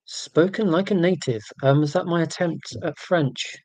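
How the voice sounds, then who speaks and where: Forties male streamer, self-deprecating and rambling, mid pitch, dry sound. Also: steady tone, a little fast, few pauses, a little mellow, no room sound. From United Kingdom. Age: 40s. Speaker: livestream host. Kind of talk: casual livestream chat.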